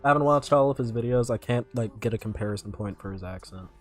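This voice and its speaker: A man's voice: mid-range voice, quick pace, soft background music. Rambling young male streamer. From North Carolina. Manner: rambling, filler-heavy commentary. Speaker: streamer reacting to videos. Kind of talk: casual live-stream chat.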